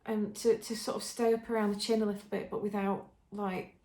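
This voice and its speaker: An English podcast host shows off her knitting in a casual show-and-tell chat, her mid-range voice level in tone, brisk and mellow. She's enthusiastic, with plenty of ums and restarts, and the recording has a roomy echo.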